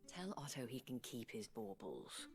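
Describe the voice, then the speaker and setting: An actress voicing an elegant, languid noblewoman who teases gently and speaks with grace in a video game. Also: a bass voice, sing-song, faint music behind, full character voice. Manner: slow, teasing and gracious. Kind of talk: game voice acting.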